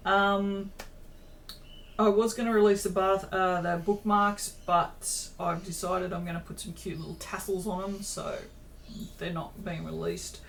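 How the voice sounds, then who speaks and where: Woman, tired small-business vlogger, casual and rambling, average pitch, light background noise. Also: flat delivery, unhurried, gravelly, a bit bright. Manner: chatty, self-deprecating, lots of ums and tangents. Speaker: small business owner updating viewers. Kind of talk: rambling casual chat to camera. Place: home craft room.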